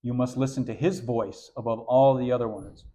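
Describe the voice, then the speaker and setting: A man preaching an animated sermon to young people, often repeating words as he goes. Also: medium pitch, moderate pace.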